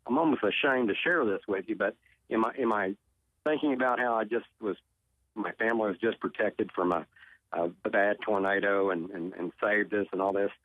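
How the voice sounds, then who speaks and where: Speaking at a normal speed in a fairly low pitch, this tornado survivor from Oklahoma is a talk show guest who earnestly recounts something personal, frequently repeating himself. There's no echo, and the audio sounds like a tinny phone line.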